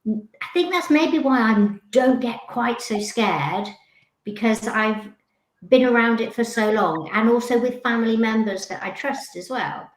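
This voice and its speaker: A woman's voice: on the high side, unhurried. A woman, a paranormal investigator, chatting casually and easily with many fillers. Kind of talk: casual chat. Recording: roomy echo.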